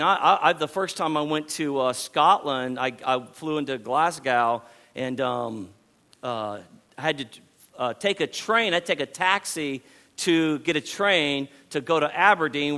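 A man from Texas, preaching a sermon in an animated way, often restarting and repeating phrases. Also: a little high, unhurried.

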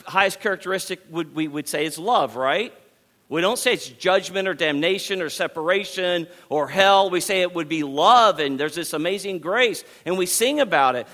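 A man preaches with a high, bright voice. He talks in animated bursts, doubling back on words and repeating phrases as he builds each point. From Texas. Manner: animated, repetitive preaching with frequent restarts. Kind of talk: sermon.

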